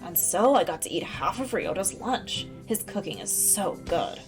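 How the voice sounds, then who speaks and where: A woman's voice: medium pitch, big pitch swings, moderate pace, over music. A woman streaming a video game, chatting casually and reading the game text aloud. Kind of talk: casual let's-play commentary.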